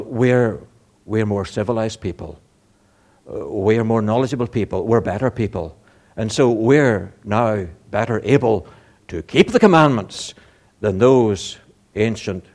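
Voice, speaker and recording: A man preaching a sermon, earnest and emphatic, asking rhetorical questions and building to louder, higher emphasis.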